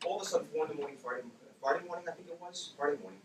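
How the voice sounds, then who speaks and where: Man, forties, storytelling talk, fast-paced, acts out voices, distant mic, roomy hall, background noise. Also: medium pitch. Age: 40s. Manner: animated, acts out his own and others' words. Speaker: speaker telling his story to an audience.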